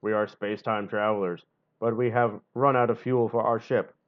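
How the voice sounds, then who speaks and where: A man's voice: lowish voice, little pitch movement, normal speed, lo-fi sound, natural voice. A man voicing a short, big-eared male alien leader, reading his lines in a stiff, formal way.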